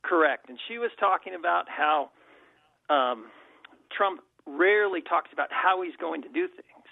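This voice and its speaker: A man calling in to a radio show, talking quickly and politely. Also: fairly high pitch, expressive, creaky, no echo. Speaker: caller. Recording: tinny phone line.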